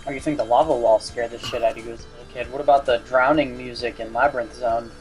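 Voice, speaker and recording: A young man co-commenting on a game over a voice call, chatty and quick to laugh, explaining his ideas at length. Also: mid-range voice, steady tone, soft background music. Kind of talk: casual gaming commentary.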